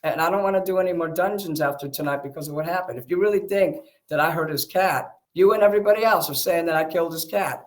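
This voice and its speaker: A man's voice: on the high side, fast talker, hardly any pauses. A man in heated casual conversation, agitated and defensive, swearing often. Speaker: streamer talking with a friend.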